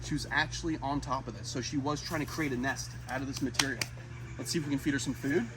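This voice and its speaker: A man hosting a wildlife vlog outdoors, talking excitedly to his animals as he feeds them. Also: mid-range voice, quick pace, very noisy. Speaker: wildlife vlogger and zoo keeper. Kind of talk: casual outdoor vlog narration. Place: outdoors at animal enclosures and a pond.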